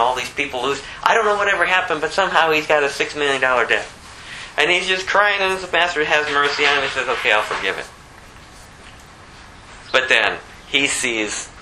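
A man giving an informal sermon, talking conversationally and acting out the people in his stories, climbing high when he stresses a point. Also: sharp tone, a little hiss or hum, poor audio. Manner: conversational, plays out the story characters in quick voices. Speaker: preacher.

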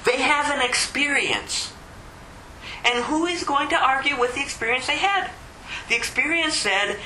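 High, bright-voiced male preacher. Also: animated, measured pace, echoey room, slight background noise, low-quality recording. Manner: emphatic, repeats rhetorical questions. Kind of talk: sermon.

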